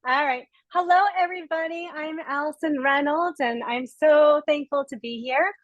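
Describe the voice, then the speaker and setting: A woman's voice: sits high, normal speed, dull audio. A woman in her forties from Rhode Island, emotional and near tears, giving an earnest, gushing testimonial as a guest speaker on a webinar video call.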